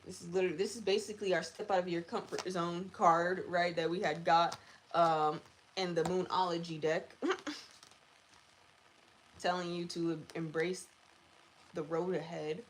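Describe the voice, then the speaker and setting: A woman hosting a live collective tarot reading, chatty and animated, often laughing. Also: fairly low pitch, moderate pace, long pauses, slight background noise. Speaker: tarot reader.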